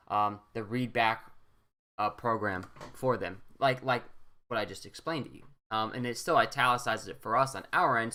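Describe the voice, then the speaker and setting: Recording his screen, a young teacher guides students through code using a medium-pitched, slightly bright voice. The style is loose and rambling, punctuated by regular "right?" check-ins.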